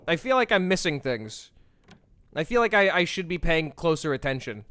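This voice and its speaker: A man's voice: fairly high pitch, fairly bright tone, smooth, no echo. A man streaming a game, thinking aloud in a playful, rambling way and swearing casually as he talks to chat.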